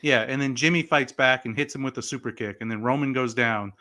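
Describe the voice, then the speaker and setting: A man co-hosting a laid-back podcast, his voice bright and forward at a medium pitch. He talks in an animated, rambling way, full of "like" and "you know". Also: a little fast. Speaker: podcast co-host. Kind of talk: casual wrestling podcast chat.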